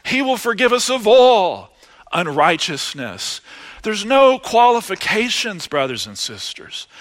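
A man preaching with a lively, swinging voice. He talks slowly and his tone is bright. His loud emphatic lines drop into hushed asides. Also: high-pitched. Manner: animated, rising to loud emphasis then dropping to hushed asides. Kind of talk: sermon.

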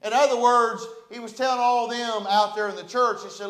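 A man's voice: high-pitched, brisk, few pauses, a bit bright, roomy sound. A man preaching a sermon as pastor, fervent and repetitive with emphatic delivery.

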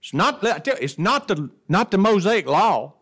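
A man's voice: sits high, big pitch swings, moderate pace, fairly bright tone, breathy edge. A man teaching an adult Bible class in a folksy way, often asking the class questions. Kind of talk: Bible lesson. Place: church classroom.

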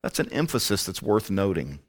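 A man's voice: low-pitched, big pitch swings, fairly quick. A man teaching a Bible study, emphatic and prone to rhetorical questions.

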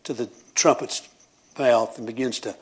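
A man's voice: fairly even intonation, normal speed, slightly rough. Fervent Southern preacher man. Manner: builds to high, shouting preaching. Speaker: pastor. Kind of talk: sermon.

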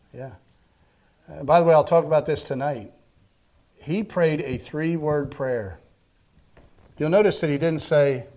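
A man's voice: a little high, darkish tone. A man preaching a sermon as a pastor in a conversational way, asking the congregation questions, acting out quotes and often repeating a word at the start of a phrase.

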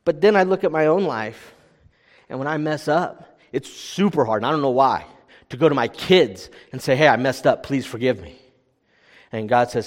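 Pastor guy preaching, chatty, keeps saying right?, mid pitch, church hall echo. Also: animated, moderate pace. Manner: conversational preaching, frequent "right?" tag questions. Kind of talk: sermon.

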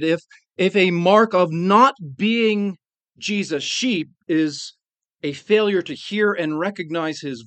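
A man preaching a sermon as pastor, earnest, slowing down to stress key phrases. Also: sits high, a bit bright, dry recording.

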